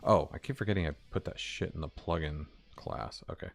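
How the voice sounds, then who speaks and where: Low-voiced man muttering through code. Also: expressive, brisk, vocal fry, faint music behind. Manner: muttering to himself, casual swearing. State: hoarse. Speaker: indie game developer streaming. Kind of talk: casual live coding stream.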